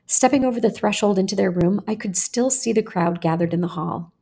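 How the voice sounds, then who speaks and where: A woman podcast host reading her own personal essay aloud in a measured, earnest way. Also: mid-range voice, creaky, mellow, slightly rough.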